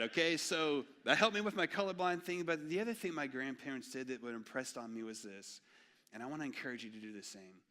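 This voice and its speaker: Young male pastor, bright and forceful tone, animated storyteller who drops to near-hush for solemn points. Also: mid-range voice. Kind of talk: sermon. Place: church sanctuary.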